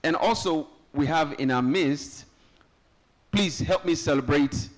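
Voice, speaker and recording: A man's voice: fairly high pitch, unhurried. A Nigerian man hosting a live summit, joking with guests and rallying the audience from a conference hall. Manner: lively, joking, rallies the audience. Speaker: event host. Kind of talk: live event emceeing.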